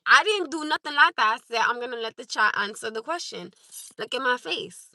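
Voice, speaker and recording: Bright high-voiced woman livestreamer. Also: lively intonation, brisk, no echo. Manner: emphatic, insistent, repeats points. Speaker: livestream host. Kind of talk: live stream chat with viewers.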